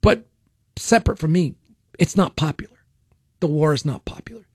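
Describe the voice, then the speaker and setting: A man's voice: on the high side, expressive, normal speed, breathy edge, dry recording, clean studio sound. A man hosting a political talk radio show, speaking bluntly and opinionatedly, often restarting and repeating himself. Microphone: studio microphone.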